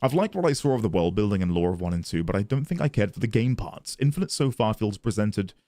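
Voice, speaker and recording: A man's voice: lowish voice, expressive, fast, warm tone, dry recording, studio quality. A man streaming a video game, chatting casually and reading chat and game text aloud. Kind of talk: casual gaming commentary.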